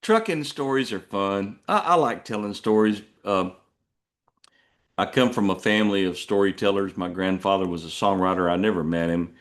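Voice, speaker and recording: A middle-aged man, a truck driver hosting a podcast, telling stories in a rambling, self-deprecating way with many restarts. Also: moderate pace. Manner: puts on jumpy high voices when quoting people. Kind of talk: casual storytelling monologue.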